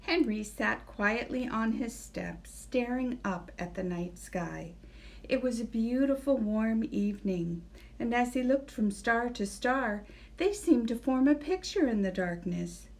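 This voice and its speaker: Woman librarian, preschool storytime reader; slightly high voice, unhurried pace. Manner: gentle, expressive storytelling. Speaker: children's librarian. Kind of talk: reading a picture book aloud.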